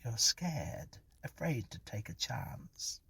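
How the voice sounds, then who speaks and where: A woman's voice: rumbling low, sing-song, slow, gravelly, fairly bright tone, slightly rough, dry recording, pitched above the performer's own voice, heavily acted. A man voicing a sly, mocking dead young woman in a spoken ghost story, raised well above his own voice. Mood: teasing, goading. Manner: teasing, scornful, mischievous.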